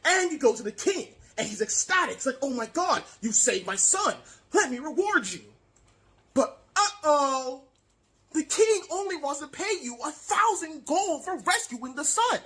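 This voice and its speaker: A woman's voice: high-pitched, sing-song, moderate pace, fairly bright tone. A woman voicing a pompous, greedy male half-elf archmage giving a comic campaign speech in a tabletop game. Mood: salesy. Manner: boastful, theatrical, stammers when worked up.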